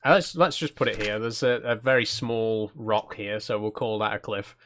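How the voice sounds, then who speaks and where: A man's voice: fairly low pitch, fairly even intonation, moderate pace, fairly bright tone, a little hiss or hum. A man hosting a channel, giving casual gameplay commentary in an easygoing, self-conscious way and chatting with viewers. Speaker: channel host.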